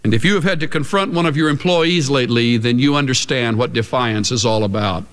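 A man preaching a sermon, emphatic, with big swings between high and low. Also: fairly quick, fairly bright tone. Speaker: pastor. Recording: long reverb of a large hall.

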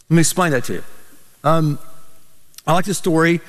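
A pastor preaching a sermon, telling stories with animated, emphatic delivery. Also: male voice, sits high, quick pace, long pauses. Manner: animated storytelling, rising to emphatic peaks. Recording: reverberant church hall.

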